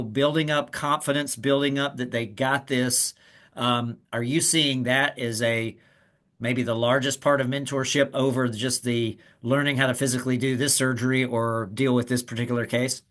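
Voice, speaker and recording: A man's voice: medium pitch, fairly even intonation, moderate pace, fairly bright tone. Male host, asks long meandering questions, full of restarts. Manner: rambling, restarts, many fillers. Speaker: podcast host. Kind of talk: interview questions.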